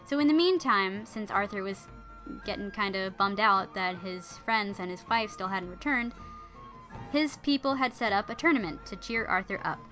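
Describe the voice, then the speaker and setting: Bright-voiced woman telling a story playfully. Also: mid-range voice, expressive, normal speed, soft background music. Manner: playful, jokey asides to listeners. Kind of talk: casual storytelling.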